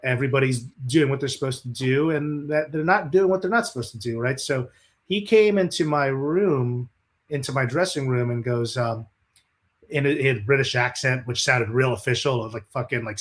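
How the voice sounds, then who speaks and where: A man's voice: mid-range voice, normal speed. A man being interviewed as a guest musician, telling stories casually with lots of swearing and acted-out quotes. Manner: animated, profane, acts out the quotes in his stories.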